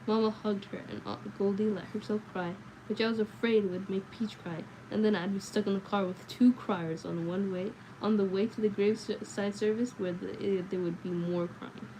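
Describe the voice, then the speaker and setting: A woman reads a novel aloud on a livestream, at a steady pace that has small slips and self-corrections. Her voice is mellow and dark-toned, at a mid pitch. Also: moderate pace, hardly any pauses, a little hiss or hum, rough recording. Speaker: livestream book reader.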